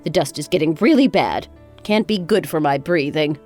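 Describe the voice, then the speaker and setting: A woman's voice: low voice, lively intonation, moderate pace, a little mellow. Lady doing a nasty sarcastic older mother-in-law, voice swinging way up and down, faint music under it. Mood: scornful. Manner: cutting, sarcastic. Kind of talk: dramatized text story.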